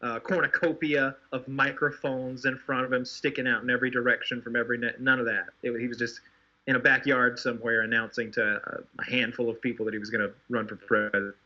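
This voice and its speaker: A man at mid pitch with a very bright voice, chatting on a podcast. He describes things hesitantly, with plenty of fillers. The audio is a little dull. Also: flat delivery, fast talker. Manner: hesitant, filler-heavy storytelling. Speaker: podcast co-host. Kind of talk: casual chat.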